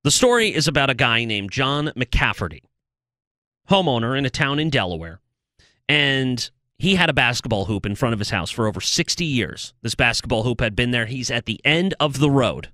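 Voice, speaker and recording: A man's voice: medium pitch, normal speed, no room sound, studio quality. A man hosting a political commentary show, delivering an opinionated, sarcastic monologue. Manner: animated, sarcastic, mocks with loud put-on shouting.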